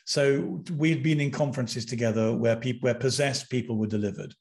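An older man from Britain, a podcast guest, telling a personal story with animated intensity and frequent restarts. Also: medium pitch, fairly quick, creaky.

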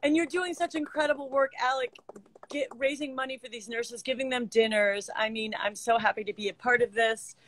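A woman chatting as a guest over a video call, gushing and quick to laugh. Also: on the high side, fairly even intonation, fairly bright tone. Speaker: guest actress.

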